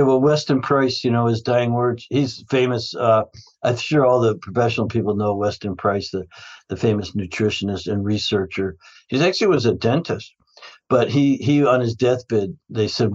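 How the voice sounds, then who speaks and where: A man's voice: medium pitch, normal speed, dull audio. A man who is a guest in a casual interview, telling stories about his health practice in a rambling way, often restarting his sentences and laughing.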